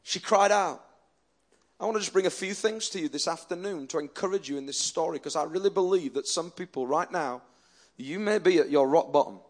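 A man's voice: fairly high pitch, brisk. A male pastor preaching a sermon earnestly and emphatically, often restarting his sentences.

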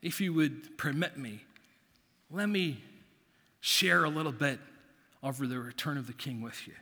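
A pastor preaching a sermon in a church, measured and deliberate, with long pauses for emphasis. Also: male voice, fairly high pitch, sharp tone. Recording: long reverb of a church hall.

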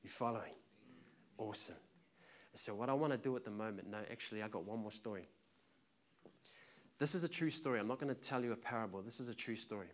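A man's voice: on the low side, fairly bright tone. A man preaching a sermon with passion and emphasis, telling a story to make his point.

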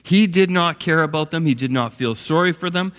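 A man's voice: on the high side, a little fast, a bit bright, smooth. A man preaching a sermon as pastor, telling the story expressively and acting out its characters. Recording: long hall reverb.

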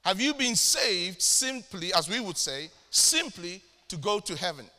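Emphatic high-voiced male pastor in a hall. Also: big pitch swings, bright, forceful tone. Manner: emphatic, slows down to stress key phrases. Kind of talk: sermon. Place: church hall. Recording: long hall reverb.

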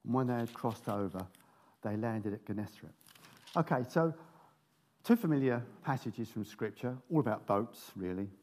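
A man's voice: mid-range voice, moderate pace, darkish tone. A man preaching, reading scripture aloud with jokey asides between the verses. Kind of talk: sermon with Bible reading.

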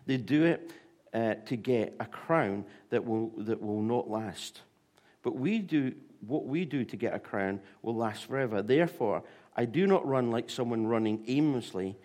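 Animated male preacher. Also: medium pitch, unhurried. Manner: animated storytelling with fillers and restarts. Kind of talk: sermon.

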